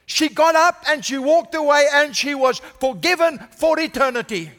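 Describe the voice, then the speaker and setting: A senior pastor preaching a sermon, building to strong emphasis and asking the congregation "Amen?". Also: male voice, very high-pitched, moderate pace, hardly any pauses, sharp tone, big-room sound. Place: church.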